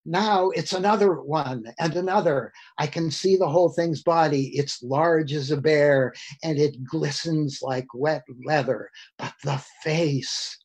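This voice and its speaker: A man's voice: fairly high pitch, a little slow, few pauses, darkish tone, husky. A man reading as a horrified radio announcer. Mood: alarmed. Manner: breathless on-the-scene reporting, read aloud. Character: male radio announcer describing a Martian in horror.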